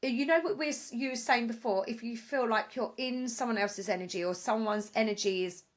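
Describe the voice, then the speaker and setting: A woman co-hosting a podcast, chatty and animated as she tells stories and asks questions. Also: fairly high pitch, a little fast. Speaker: podcast co-host. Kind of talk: casual podcast chat.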